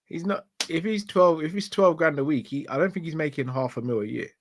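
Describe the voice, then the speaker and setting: A man's voice: fairly high pitch, a little fast, dry recording, clean studio sound. A man, teasing his co-hosts in casual football chat. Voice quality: teasing, slangy. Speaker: fan channel co-host.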